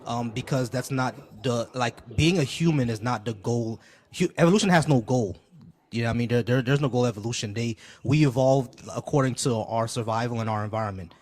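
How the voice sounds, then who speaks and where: A man's voice: medium pitch, brisk, darkish tone. A man hosting a live call-in debate stream, chatting casually with many fillers and restarts.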